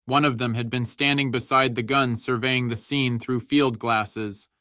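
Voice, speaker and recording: Brief: male audiobook narrator, steady and measured, bright forward tone, dry close mic. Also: mid-range voice, no echo.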